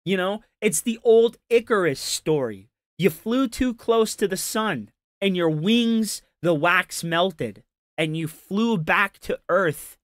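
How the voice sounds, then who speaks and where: A man's voice: high voice, expressive, slow pace, no room sound, studio quality. A man doing casual reaction commentary on a stream, ranting in an exasperated, profane and mocking way.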